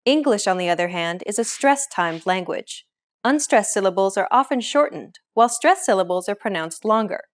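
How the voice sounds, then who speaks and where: A woman narrating a scripted pronunciation lesson as the teacher, clear and upbeat. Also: mid-range voice, expressive, normal speed.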